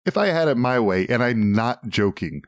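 A man's voice: medium pitch, lively intonation, moderate pace, no echo, clean studio sound. A man co-hosting a casual talk show, rambling, swearing and enthusiastic. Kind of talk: casual chat.

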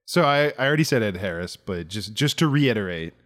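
Man, podcast co-host, casual chat, lively pitch, fast excited bursts, frequent restarts. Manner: animated, quick bursts with restarts.

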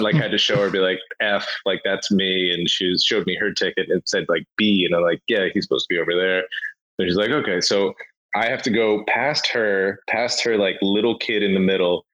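A man chatting casually on a podcast, telling an animated story with frequent swearing and laughter. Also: low-pitched, fairly quick, highs cut off.

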